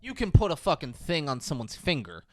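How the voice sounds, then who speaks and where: A man's voice: a little high, wildly swooping pitch, brisk, a little mellow. A man co-hosting a podcast, chiming in with wry, profane jokes about a film. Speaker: podcast co-host. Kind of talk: casual film review chat.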